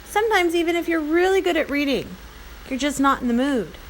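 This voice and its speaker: A woman teacher narrating a lesson in an upbeat, expressive, chatty way. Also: sits high, a little fast, a little hiss or hum, rough recording.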